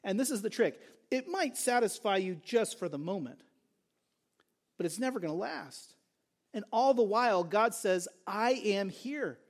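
A man's voice: high voice, lively intonation, normal speed. A male pastor preaching a sermon, earnest and emphatic, repeating key phrases for stress.

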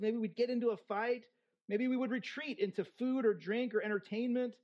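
Conversational preacher with quick asides. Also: medium pitch, darkish tone, lo-fi sound. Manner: conversational, with frequent "right?" asides; humorous modern asides. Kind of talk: expository sermon with scripture reading.

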